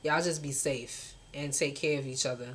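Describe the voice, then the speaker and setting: A woman's voice: very deep voice, steady tone, normal speed, a little hiss or hum. A young woman, venting bluntly and passionately in a casual vlog, swearing often and talking straight to her viewers. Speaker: vlogger.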